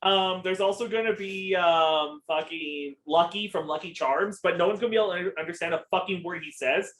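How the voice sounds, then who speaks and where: A man's voice: high-pitched, brisk, a bit bright, low-quality recording. Rambling, profane young man. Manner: rambling, profane, with many ums. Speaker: podcast co-host. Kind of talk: casual chat.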